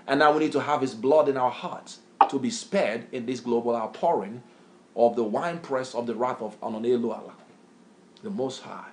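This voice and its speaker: A man's voice: mid-range voice, normal speed. A man preaching a bible lesson, emphatic, repeatedly quizzing a reader with questions. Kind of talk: street-style bible teaching sermon.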